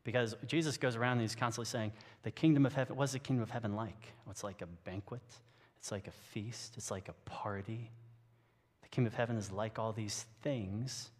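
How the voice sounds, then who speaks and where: A man's voice: fairly low pitch, steady tone, a little fast, in a large hall. A man giving a sermon as a pastor, talking in a casual, joking way with frequent restarts. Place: church sanctuary.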